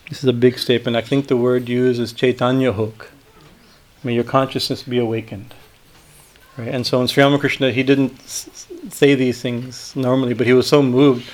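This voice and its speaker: A man, a swami, reading a spiritual text aloud and breaking off into halting commentary that often ends in a questioning "right?". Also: medium pitch, level tone. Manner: halting asides, frequent "right?" tags.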